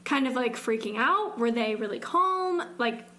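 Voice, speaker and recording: Young female podcast co-host, rambling casual talker, slightly high voice, lots of "like". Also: expressive, a little slow, pushed and bright. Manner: rambling, fills speech with "like". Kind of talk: casual true-crime chat.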